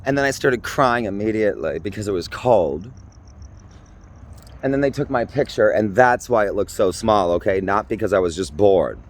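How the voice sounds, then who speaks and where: Walking outside on city streets, this Minnesota vlogger in his forties riffs through a campy, theatrical stream of rambling jokes. His voice sits on the low side and sounds animated, moving at a moderate pace.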